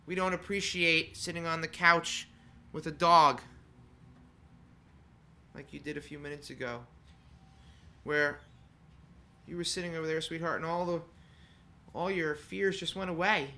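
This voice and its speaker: A man serving as funeral celebrant, giving an earnest, heartfelt eulogy in a conversational manner with pauses. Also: on the high side, steady tone, sharp tone. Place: funeral home chapel.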